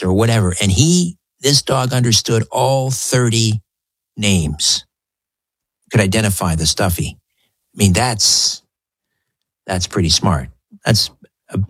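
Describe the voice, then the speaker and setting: A man's voice: deep voice, breathy edge, no echo. A man hosting a call-in radio show, talking with callers in a chatty, conversational way. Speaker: radio talk show host.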